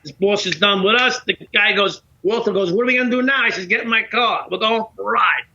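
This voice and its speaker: A middle-aged man tells a story as a podcast guest, animated and profane, acting out both sides of the dialogue. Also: high-pitched, fast talker, vocal fry. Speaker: podcast guest, former police officer. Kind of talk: casual storytelling in conversation. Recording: dull lo-fi podcast audio.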